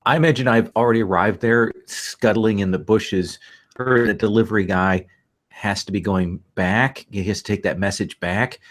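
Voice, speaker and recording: A man describing his character's actions in a tabletop role-playing game, measured and deliberate. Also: on the low side, fairly even intonation. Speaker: player.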